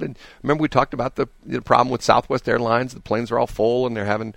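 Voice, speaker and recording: A man hosting a radio talk show, giving his opinions in an animated, talkative way and mocking the people he disagrees with. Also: mid-range voice, fast, creaky, hardly any pauses, no room sound. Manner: animated, mocking imitations of others. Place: radio studio.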